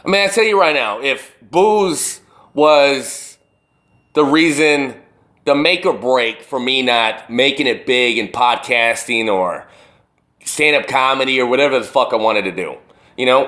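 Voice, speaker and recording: Bright-voiced man ranting on his podcast. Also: mid-range voice, measured pace. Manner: profane, rambling, emphatic. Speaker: podcast host. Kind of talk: casual solo podcast rant.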